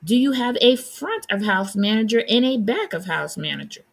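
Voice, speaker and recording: A woman's voice: a little high, lively intonation, normal speed, gravelly, breathy edge. A woman hosting a live stream, giving blunt, sassy commentary and answering her chat. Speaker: livestream host.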